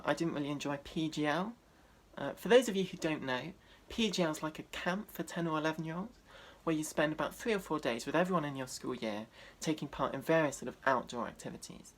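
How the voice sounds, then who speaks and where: A man, doing a deadpan, self-deprecating stand-up set. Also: on the high side, a little fast. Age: 20s. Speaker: stand-up comedian.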